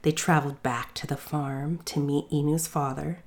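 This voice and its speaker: Low-voiced woman telling a fairy tale. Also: steady tone, moderate pace. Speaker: storyteller. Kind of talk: storybook narration.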